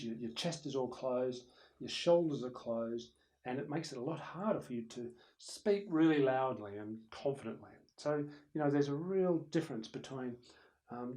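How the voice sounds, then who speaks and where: The recording is low quality, carrying a man's mid-range voice as he gives a chatty lesson on presenting, set in a room with a camera operator. It is a recorded lecture in which he turns to the viewer and to another person present. Animated throughout, he demonstrates both loud and soft speaking.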